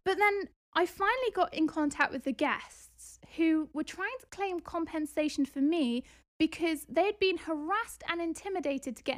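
A woman hosting a podcast, retelling a dispute in a casual, animated, indignant way with exasperated outbursts. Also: extremely high pitch. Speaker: podcast host and property investor.

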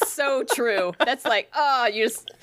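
A woman's voice: on the high side, takes it slowly, a bit bright, slight background noise. A woman from Connecticut in casual chat, reacting expressively.

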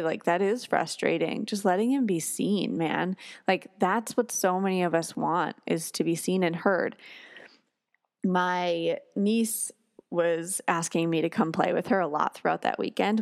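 A woman's voice: on the low side, no room sound. A woman hosting a parenting podcast, talking casually and acting out quoted lines with sighs and exclamations. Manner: warm storytelling, acts out quotes with sighs and exclamations. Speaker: podcast host. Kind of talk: casual solo podcast talk.

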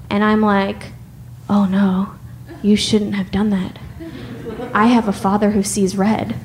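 A woman's voice: medium pitch, slight background noise. A woman from the United States telling a personal story with wry humor and frequent laughs.

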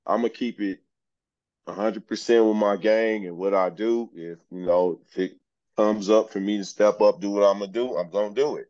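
A man's voice: on the low side, darkish tone, no room sound, highs cut off. A man, a podcast guest, telling his life story in a laid-back, frank way and often saying "man". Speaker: podcast guest, journeyman lineman. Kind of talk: casual storytelling interview.

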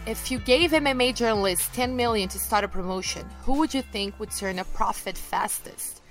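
A young adult woman who covers MMA as a journalist answers listener questions, reading them out in a candid, self-deprecating, chatty way. Her voice is medium in pitch and a bit bright, with no echo.

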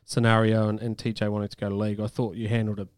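A man's voice: on the low side, level tone, very fast, clean tone, dry recording. A man with a New Zealand accent co-hosting breakfast radio, chatting casually and laughing often. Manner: chatty, laughs often, warm praise for guests. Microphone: studio mic, dry.

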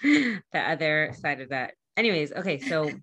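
Low, bright-toned woman asking eager questions. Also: sing-song, normal speed. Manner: curious, enthusiastic, rambling questions. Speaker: interviewer, host. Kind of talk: casual interview chat.

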